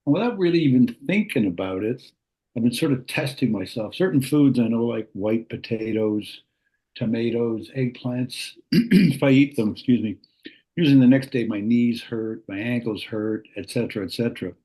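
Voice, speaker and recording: A man on a video call giving a casual, rambling testimonial, often clearing his throat. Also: medium pitch, moderate pace, dark tone, rough recording.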